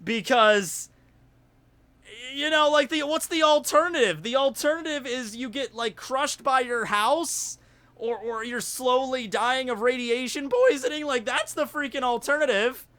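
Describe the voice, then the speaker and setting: A man with a Southern US accent, telling a story in casual livestream chat, rambling and animated with lots of fillers. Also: very high-pitched, measured pace. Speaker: YouTuber hosting a livestream.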